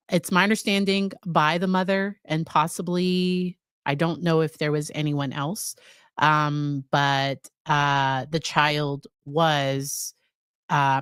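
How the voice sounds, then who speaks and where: A woman's voice: sits low, a bit bright, clear, resonant tone, dry recording, clean studio sound. A woman psychologist hosting a casual live stream, chatting with her viewers about a trial. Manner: chatty, addresses her live chat directly.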